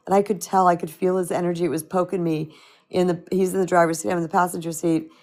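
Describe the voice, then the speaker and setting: A middle-aged woman coaching on a live stream, with a slightly crackly voice, talking in an animated, chatty way and answering viewer comments. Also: fairly low pitch, fast talker. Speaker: spiritual empowerment coach.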